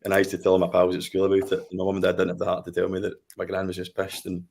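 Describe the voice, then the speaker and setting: A man from Scotland in his thirties, a podcast guest chatting casually and telling relaxed anecdotes. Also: deep voice, rapid-fire, vocal fry, background noise. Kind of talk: casual chat.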